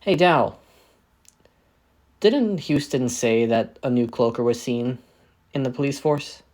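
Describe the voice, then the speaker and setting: A man's voice: medium pitch, lively intonation, slow pace, darkish tone. A man voicing an eager, nerdy young member of a heist crew.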